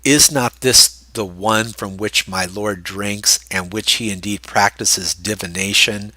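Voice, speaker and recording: A man's voice: lowish voice, steady tone, a little slow, sharp tone, no echo, exaggerated voice. A man reading out a commanding ruler's orders.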